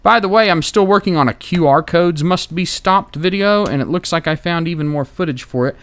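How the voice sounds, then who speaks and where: American guy on a repair stream, kinda high voice, sarcastic, cusses, just rambling while he works. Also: fairly quick, fairly bright tone. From United States. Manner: casual, wry and profane, thinking aloud while working. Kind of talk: live-stream repair commentary.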